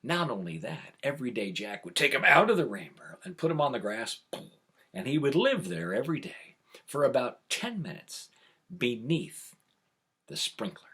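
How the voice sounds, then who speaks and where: A man telling a tall tale as a storyteller, full of sound effects, dropping to whispers and building up to shouts. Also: medium pitch, very animated, moderate pace, breathy edge. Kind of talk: animated oral storytelling.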